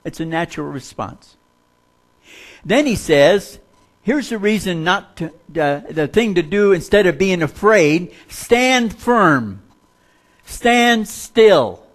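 A man preaching in a folksy storytelling way, with a fairly high voice for a man. He mixes light humor into the sermon and drops to a hush when a story turns tense. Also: animated, measured pace. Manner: drops to a hushed voice for suspenseful stories.

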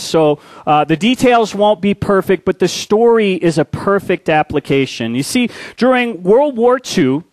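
A male pastor preaching a sermon, telling a war story with dramatic shifts into a quiet, low voice. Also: no room sound.

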